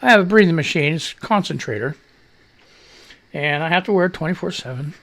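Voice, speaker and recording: A man's voice: fairly high pitch, lively intonation, brisk, a bit bright. A man hosting a live radio show, telling a rambling story in casual chat with fillers and mild cursing.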